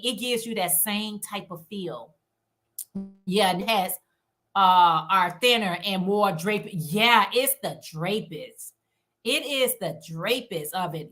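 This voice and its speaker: Chatty bright-voiced woman hosting a livestream. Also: on the high side. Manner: chatty and encouraging, reads chat comments aloud. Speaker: livestream host. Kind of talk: casual live-stream chat with viewers.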